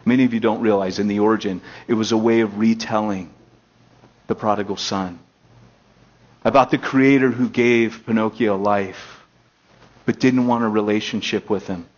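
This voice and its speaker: A young American man preaching a casual storytelling sermon, animated, with loud excited bursts and quiet stretches. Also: on the low side, normal speed. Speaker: pastor. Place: elementary school meeting room. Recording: dull lo-fi sermon recording.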